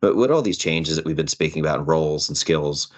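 Male podcast host with an extremely deep voice, friendly and encouraging interviewer. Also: expressive, fast talker. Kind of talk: podcast conversation.

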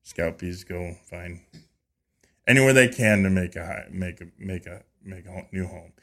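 Low-voiced man telling an animated story. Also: moderate pace. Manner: animated, acts out quoted dialogue with lively voices; frequent restarts and repeated words. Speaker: podcast guest, beekeeper. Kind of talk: casual conversational storytelling.

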